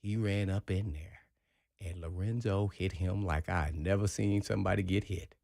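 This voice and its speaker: A man co-hosting sports talk radio, telling an animated story and acting out the quotes. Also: deep voice, normal speed, gravelly, no room sound, studio quality. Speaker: sports radio co-host, former player.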